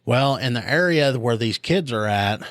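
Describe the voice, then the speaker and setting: A man's voice: medium pitch, expressive, moderate pace, no echo, studio quality. A man casually telling a story on a podcast, animatedly acting out both sides of an argument on a phone call. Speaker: podcast co-host.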